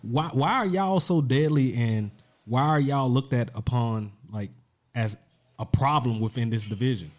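A man's voice: mid-range voice, unhurried. A man co-hosting a casual sports podcast, joking and asking questions. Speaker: podcast co-host.

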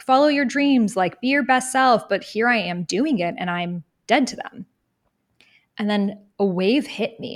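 A young adult woman, a guest in an interview, telling her life story in an earnest, reflective way and briefly acting out other people's words. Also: mid-range voice. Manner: earnest, reflective, animated when quoting others. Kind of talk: personal storytelling in conversation.

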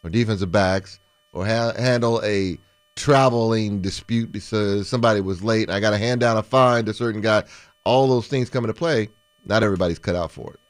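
Low-voiced former player talking sports. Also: male voice, brisk, dry recording. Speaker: former NFL player, show co-host. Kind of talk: casual sports talk.

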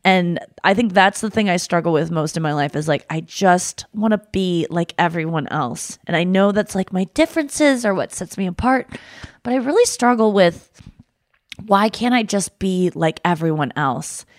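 A woman hosting a podcast in casual chat, animated and self-mocking, swearing freely. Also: fairly low pitch, moderate pace, no echo, studio quality. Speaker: podcast host.

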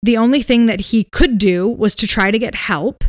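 A podcast co-host, a woman with a voice on the high side, casually retells a ghost story at a moderate pace, relaxed and peppered with "um"s, "like"s and hedges. The studio sound is clean with no room sound.

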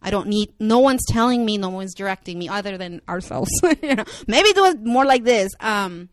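A woman's voice: mid-range voice, animated, normal speed, dry recording, clean studio sound. A young woman with a Spanish accent, chatting candidly as an interview guest with lots of filler words. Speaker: actress and writer guest. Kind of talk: casual interview talk.

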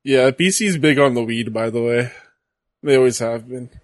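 A man's voice: medium pitch, moderate pace, no room sound. A man chatting casually while watching wrestling and making dry joking comments. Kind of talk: casual chat.

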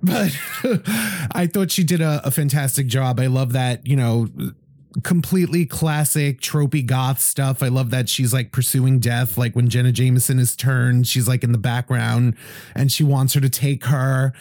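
A horror host talks through a film in a mellow, dark-toned voice, stumbling over his words and cracking jokes as he goes. The recording is dry and close. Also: mid-range voice, steady tone, moderate pace, no room sound. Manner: rambling, stammering restarts, joking. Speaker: horror host and editor, podcast guest. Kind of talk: casual film-review chat.

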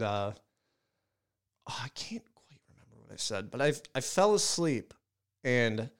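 A man's voice: medium pitch, clear, resonant tone. Casting: male podcast co-host, rambling storyteller, swears freely, loose and chatty. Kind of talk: casual chat.

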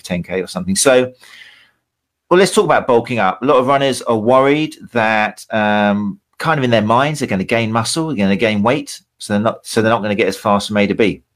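A middle-aged man hosting a podcast interview, chatty and quick to laugh. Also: fairly low pitch. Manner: chatty, laughs easily, drawn-out phrasing. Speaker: podcast host.

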